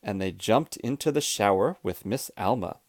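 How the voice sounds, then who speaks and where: A man reading a children's storybook aloud, clear, expressive and deliberate. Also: fairly low pitch, no echo, clean studio sound. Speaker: storybook reader.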